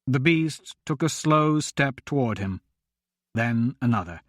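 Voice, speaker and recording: Man, fantasy audiobook narrator, slow measured pace, lively intonation, close dry mic. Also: mid-range voice, no echo. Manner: measured, expressive reading.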